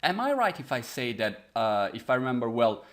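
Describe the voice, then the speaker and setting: A man's voice: medium pitch, very animated, moderate pace, fairly bright tone. An Italian-accented man interviews a guest in eager, meandering English. He keeps circling back and restarting his sentences. His voice sits in a middle register. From Italy. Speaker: interview host. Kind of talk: casual interview.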